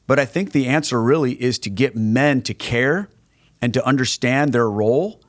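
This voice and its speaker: A man's voice: mid-range voice, normal speed, no echo. Earnest middle-aged man, dry close sound. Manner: earnest, conversational, restarts phrases. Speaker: guest, Catholic evangelist. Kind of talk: podcast conversation.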